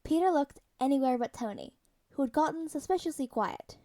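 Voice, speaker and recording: Woman reading fanfiction, mellow and fairly high. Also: fairly quick. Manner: plain, steady reading. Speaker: fanfiction reader. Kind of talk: podfic narration.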